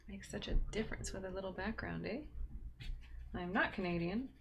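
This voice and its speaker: A woman's voice: mid-range voice, a little fast, creaky, fairly bright tone, lo-fi sound, a little hiss or hum. A woman hosting a drawing livestream from home, chatting casually to herself and her viewers as she works, sometimes dropping into a whisper. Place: home room.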